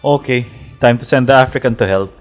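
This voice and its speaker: A man co-hosting a game playthrough, teasing his friends, with loud outbursts. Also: medium pitch, fast, faint music behind. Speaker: gamer co-host. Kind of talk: casual gaming banter.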